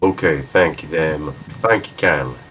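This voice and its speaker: A man's voice: a bass voice, measured pace, fairly bright tone, a little hiss or hum. A man voicing a cautious male agent who speaks formally and hesitantly, full of fillers. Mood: polite.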